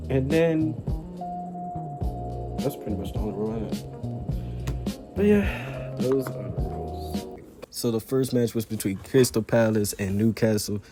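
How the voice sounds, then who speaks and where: A young man talks through his football video game in a loose, rambling way, often saying "anyway" and "y'all". His voice sits at a medium pitch. Music plays clearly behind him. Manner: gets excited over goals. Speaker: gaming YouTuber. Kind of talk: casual gameplay commentary. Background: background music.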